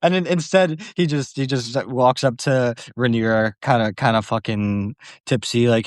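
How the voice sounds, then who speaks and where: A man's voice: medium pitch, moderate pace, hardly any pauses, no room sound, clean studio sound. A man in a casual discussion, joking and swearing while he talks. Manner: joking, laughs often, swears.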